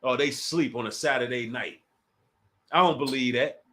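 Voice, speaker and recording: Hosting a relaxed livestream, a man from the Washington, D.C. area trash-talks a rival and speaks right to his chat. His medium-pitched voice has a fairly bright tone and a normal speed.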